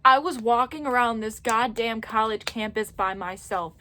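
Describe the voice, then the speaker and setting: A young adult woman vlogger telling a story in casual chat, animated and chatty, swearing freely and acting out what people said. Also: on the high side, normal speed.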